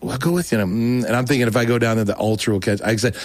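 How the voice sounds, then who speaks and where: A man's voice: mid-range voice, rapid-fire, dry recording. A man as a show guest, telling a rambling personal story in casual talk, acting out what people said. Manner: rambling, animated, acts out quoted voices.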